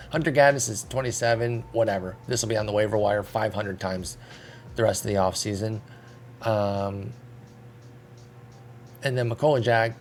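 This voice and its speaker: Man, gravelly low voice, chatty game commentary, self-deprecating, faint hiss behind. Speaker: video game streamer. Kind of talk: casual gameplay commentary.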